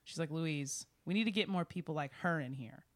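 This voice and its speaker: A woman, telling a road story in casual podcast chat, animated and laughing as she acts out the people in it. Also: low voice, a little fast. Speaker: podcast guest, musician.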